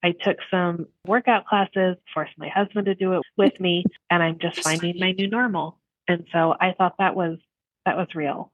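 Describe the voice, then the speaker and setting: A middle-aged woman co-hosting a casual podcast chat, telling lively stories and laughing often. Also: on the low side, no echo, phone-quality sound. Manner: animated storyteller, laughs often. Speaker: podcast co-host.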